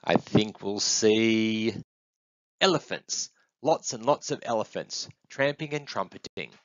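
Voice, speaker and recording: A man voicing a playful little boy camel calf in a storybook, with high, excited questions. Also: normal speed, gravelly, dry recording. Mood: eager. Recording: dull, dry close recording.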